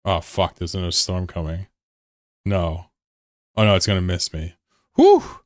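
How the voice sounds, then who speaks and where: A man chatting casually on a live game stream, excitable and swearing freely as he answers chat between calls. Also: low voice, normal speed, dry recording, clean studio sound.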